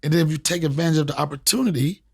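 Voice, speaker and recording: A comedian and podcast host sits down for a casual chat. He tells his stories in an animated, emphatic way, with a lot of swearing and with phrases repeated for punch. His voice sits a little high for a man. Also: racing, vocal fry, breathy edge. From Washington, D.C. area. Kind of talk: casual storytelling in an interview.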